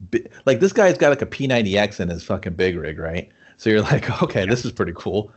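A man's voice: lowish voice, fast talker, breathy edge. A man co-hosting a casual chat about a movie, swearing a lot and acting out lines from scenes. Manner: profane, animated, acts out movie lines. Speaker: podcast co-host.

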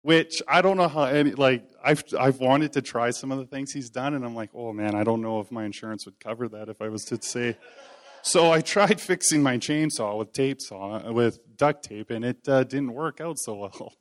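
A man's voice: mid-range voice, moderate pace. A man preaching an informal sermon in a church hall, talking in a conversational, folksy way with self-deprecating humor. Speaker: lay preacher.

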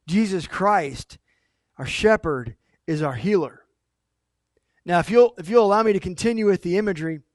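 A male pastor preaching a sermon in an animated, emphatic storytelling way. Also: high-pitched, no echo, studio quality.

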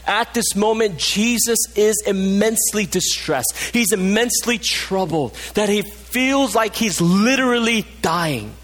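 A man delivers a passionate sermon in a church, his voice sitting on the higher side for a man. He sinks low and quiet to stress key points. A long hall reverb trails each phrase. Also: animated, a little slow, few pauses. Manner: passionate, drops low and soft for emphasis. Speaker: pastor.

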